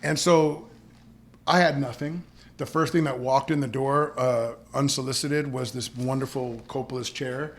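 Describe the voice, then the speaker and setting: A man's voice: mid-range voice, unhurried. A man from Los Angeles telling a story as a podcast guest in a casual, rambling way, with many restarts, acting out the people he quotes. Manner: animated storyteller who acts out the people he quotes.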